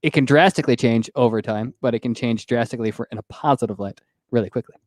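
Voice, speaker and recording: A man's voice: mid-range voice, fast, no room sound. A man co-hosting a casual podcast, answering earnestly and hesitating a lot. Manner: hesitant, many fillers, earnest. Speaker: podcast co-host. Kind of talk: casual chat.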